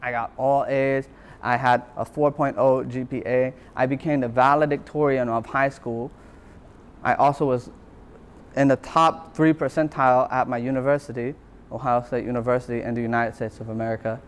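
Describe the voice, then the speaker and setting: A man's voice: mid-range voice, fairly even intonation, normal speed, clear, resonant tone. Earnest man telling a personal story. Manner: repeats phrases for emphasis. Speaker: university lecturer. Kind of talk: motivational talk.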